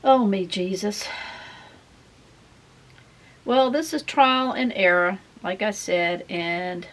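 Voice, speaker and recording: A woman's voice: mid-range voice, slow. A middle-aged woman, chatting in a folksy, rambling way as she works on a craft project. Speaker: craft vlogger. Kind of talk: casual chat while crafting.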